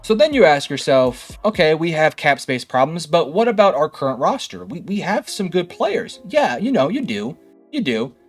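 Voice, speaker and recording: A man's voice: fairly high pitch, big pitch swings, moderate pace, slightly rough, soft background music. A young man hosting a sports analysis video, talking in a sarcastic, heated way and firing rhetorical questions at fans. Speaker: sports commentary host. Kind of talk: opinionated sports analysis monologue.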